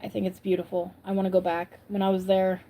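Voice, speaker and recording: A woman's voice: medium pitch, little pitch movement, quick pace, warm tone. A woman from upstate New York hosting a casual livestream, chatting and answering viewers' comments as she goes. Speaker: livestream host.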